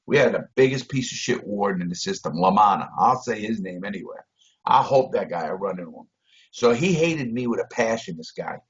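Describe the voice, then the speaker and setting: A man telling a story on a video call, blunt and profane, shifting between loud bursts and low mutters. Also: animated, a little fast. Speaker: interview guest. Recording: dull lo-fi video call audio.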